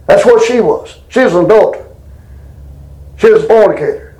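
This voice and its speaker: A man preaching a plain-spoken Bible lesson. His voice sits very high for a man, and it climbs even higher when he reads verses with emphasis. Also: fairly quick, long pauses, poor audio. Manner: folksy, emphatic, reads scripture aloud with rising pitch. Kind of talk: informal Bible teaching.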